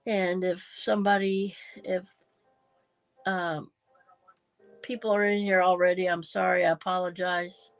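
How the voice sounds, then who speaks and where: A middle-aged woman hosts a casual crafting livestream from home while junk journaling, sounding nasal and congested because she feels unwell. Her lowish, gravelly voice is slow with little pitch movement, rambling and apologetic with many ums and restarts. The sound is dry and close with no echo, and faint music plays behind her.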